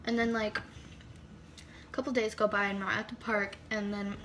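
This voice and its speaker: A teenage girl chats through a storytime vlog, her mid-pitched voice quick with fillers and sudden whispered asides. Faint background hiss sits under her phone recording. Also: flat delivery, a bit bright. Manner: chatty, heavy use of "like", dramatic asides and whispered comments. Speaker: vlogger.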